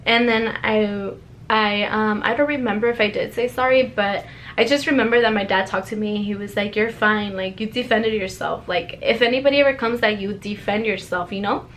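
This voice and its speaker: A young woman casually telling a personal story to her viewers, chatty and animated, with lots of "like". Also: mid-range voice, normal speed, a little hiss or hum.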